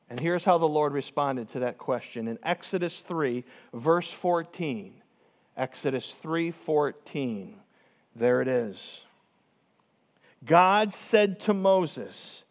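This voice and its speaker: A man's voice: sits high, animated, measured pace. A pastor preaching a sermon, emphatic and direct, asking rhetorical questions and acting out the people he quotes.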